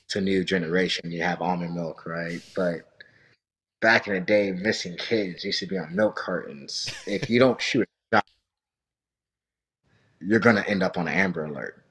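Laid-back, cussing man with a low voice. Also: normal speed, a bit bright. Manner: swears freely, laughs a lot, rambling storyteller. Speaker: wrestling coach, guest. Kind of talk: casual chat.

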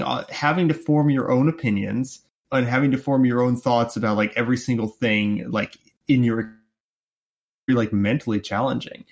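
A man co-hosting a podcast, speaking hesitantly in casual chat with many "like" and "um" fillers. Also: medium pitch. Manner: hesitant, heavy filler words, lots of "like". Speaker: podcast co-host.

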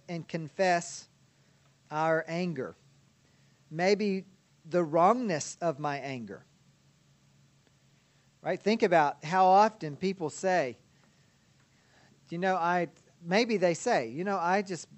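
A man's voice: high-pitched, slow pace, long pauses. A man teaching a lecture on biblical counseling as an experienced counselor, talking conversationally, laughing often and checking in with his listeners. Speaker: counseling instructor.

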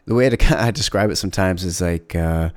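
A man hosting his own solo podcast, talking candidly and reflectively, pausing and restarting often. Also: sits low, no echo. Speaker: podcast host. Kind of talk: casual solo podcast monologue.

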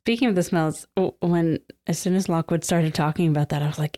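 A woman with a slightly low voice talks through a book with her co-host. She sounds enthusiastic and laughs often, sometimes reading passages aloud. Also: steady tone, a little fast, hardly any pauses, mellow. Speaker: podcast co-host. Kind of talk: casual book-club chat.

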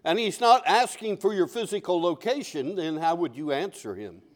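High-voiced older male preacher. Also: lively intonation, normal speed. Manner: conversational, repeats key phrases. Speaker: pastor. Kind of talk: sermon.

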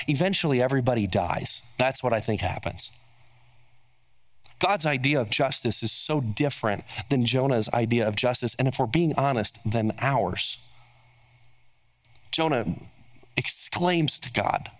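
A man preaching a sermon as pastor, stressing points with repeated rhetorical questions and acting out the words of those he quotes. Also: normal speed. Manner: acts out quoted speech with shifting pitch.

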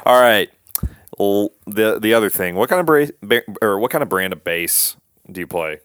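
Deep smooth-voiced young man. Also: moderate pace, fairly bright tone, dry recording, studio quality. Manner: laughs often, wry quips. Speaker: podcast co-host, musician. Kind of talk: casual chat.

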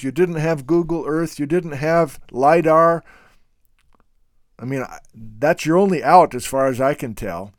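A man hosting a casual, unscripted talk about geology. He speaks in an emphatic, animated and opinionated way. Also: on the high side, dry recording, studio quality. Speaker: host.

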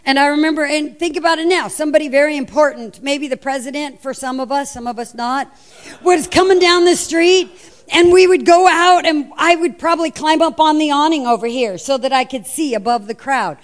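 A middle-aged woman preaches a sermon with a fairly high voice. She tells the story in a lively way and acts out the voices of the people in it. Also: brisk.

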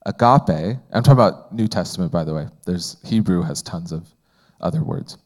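A man's voice: sits low, animated, moderate pace, darkish tone. A man teaching a Bible study in a conversational way, asking the group questions and often using fillers.

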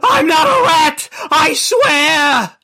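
A man voicing a terrified young mobster who cries and pleads for his life in a high, shrill voice. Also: big pitch swings, very slow, pushed and bright, heavily acted. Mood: desperate. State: crying.

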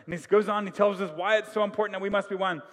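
Guy preaching a sermon all chatty and casual, kinda high voice, big echoey hall. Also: little pitch movement, racing. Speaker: pastor.

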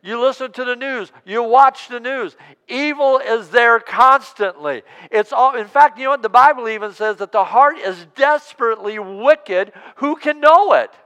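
A very high-pitched man preaches from the pulpit of a church sanctuary, his voice pushed and bright yet clean, with a big-room sound. As pastor, he lingers on key words in drawn-out emphasis. He leads call-and-response, inviting the congregation to reply aloud.

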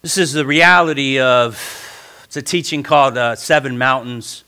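Fiery preacher, bright forceful voice. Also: male voice, mid-range voice, moderate pace, smooth. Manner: swings from quiet to shouting, emphatic preaching; calls congregation to repeat after him. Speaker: pastor. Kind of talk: sermon.

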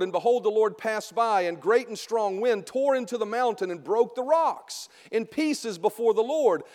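A man teaching a sermon in a conversational way, often checking in with a quick "right?". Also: high voice, a little mellow. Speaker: preacher teaching a Bible series. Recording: long hall reverb.

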